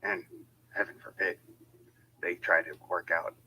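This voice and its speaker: A man with a low, cutting voice rants in a heated, foul-mouthed and combative tone. He speaks as if squaring up to a listener. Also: little pitch movement, unhurried, sharp tone, slight background noise, low-quality recording. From United States. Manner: heated, profane and confrontational. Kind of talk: angry monologue.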